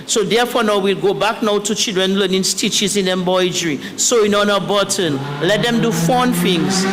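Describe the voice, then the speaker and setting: A high-voiced man with a Dominican accent, talking in a lively, chatty way at a press briefing. His voice rings with a long hall reverb over a faint hum of background noise. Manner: animated, chatty, breaks into song and counting. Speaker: education official.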